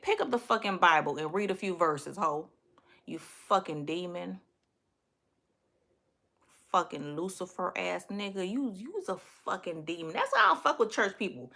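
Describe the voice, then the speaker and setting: Brash, lively Miami woman ranting. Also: mid-range voice. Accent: Miami, Southern US. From Miami, Florida. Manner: profane, blunt, trash-talking. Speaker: livestream host. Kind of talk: casual livestream rant to viewers.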